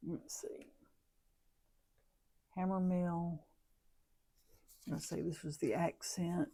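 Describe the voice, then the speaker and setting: Unhurried woman crafter, low pitch, thinks out loud and corrects herself mid-sentence. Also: flat delivery. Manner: rambling, thinks aloud, self-correcting. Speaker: craft vlogger. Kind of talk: casual crafting demo chat.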